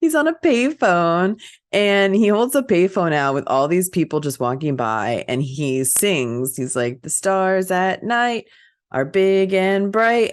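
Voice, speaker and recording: A woman hosting a podcast in a casual, chatty way, often laughing and briefly putting on high voices to act out movie scenes. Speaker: podcast host.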